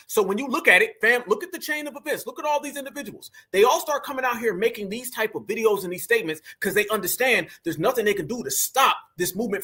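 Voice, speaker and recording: Fired-up, high-voiced male commentator. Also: bright, forceful tone, breathy edge. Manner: heated, mocking, slangy, addresses viewers as fam. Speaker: commentary channel host. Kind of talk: reaction commentary.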